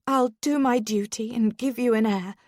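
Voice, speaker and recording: A woman reading a stubborn, defiant young lady whose lines rise sharp and heated in an audiobook. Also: fairly high pitch, fairly even intonation, moderate pace, no room sound, studio quality, voice pushed up, lightly acted. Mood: indignant.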